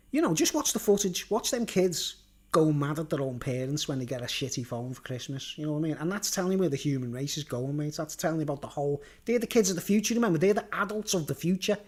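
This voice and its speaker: A man's voice: on the high side, expressive, fast. A man, rambling through a monologue and constantly tacking on "right?" and "you know what I mean?", blunt and sweary, with chuckles. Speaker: vlogger.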